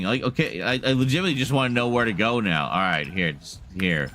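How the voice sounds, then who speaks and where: Low-voiced man streaming a horror game. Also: animated, normal speed, fairly bright tone, a little hiss or hum. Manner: chatty and wry, swearing lightly and laughing at himself. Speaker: gaming streamer. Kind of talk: casual live gameplay commentary.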